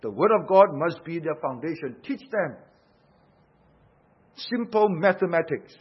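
A man's voice: fairly high pitch, lively intonation, unhurried, breathy edge. A man preaching a sermon, emphatic, asking rhetorical questions and swelling and dropping his force. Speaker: pastor. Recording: dull lo-fi sound.

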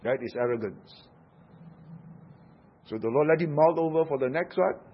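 A man preaching a sermon, emphatic, swinging from hushed, low passages to loud, insistent ones. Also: normal speed, highs cut off, slight background noise.

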